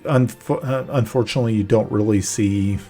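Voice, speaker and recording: A man narrating a tabletop game as game master, halting and searching for words mid-sentence. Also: lowish voice, warm tone, soft background music.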